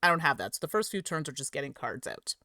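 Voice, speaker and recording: Chatty, bright-voiced woman streamer. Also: sits low, sing-song, fast talker, no room sound, studio quality. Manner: chatty and giggly, stumbling over words and correcting herself. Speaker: streamer and host. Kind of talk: live-stream rules explanation and chat with viewers.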